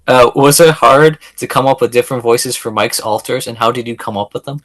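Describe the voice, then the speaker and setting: A man's voice: medium pitch, a little fast, fairly bright tone. A man hosting a podcast, asking questions as an eager, apologetic fan. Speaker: podcast host. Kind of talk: casual interview questions.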